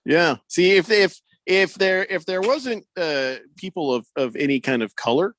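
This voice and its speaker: A man co-hosting a radio show, telling stories in a casual, animated way and acting out what people said. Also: sits high, a little slow, no echo. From Irish heritage. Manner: animated storyteller, acts out quotes. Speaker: radio co-host. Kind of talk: casual sports radio banter.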